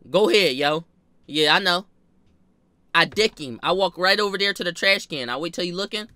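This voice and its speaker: Bright, punchy man telling a story. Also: high-pitched, normal speed. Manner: animated, slangy, profane, repeats himself for emphasis. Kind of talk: casual storytime.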